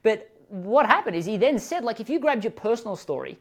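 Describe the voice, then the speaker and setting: A man hosting a podcast interview, telling stories in an animated, expressive way with sudden lifts in his voice. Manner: animated, expressive storytelling with quick rises in pitch. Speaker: podcast host. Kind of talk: conversational interview.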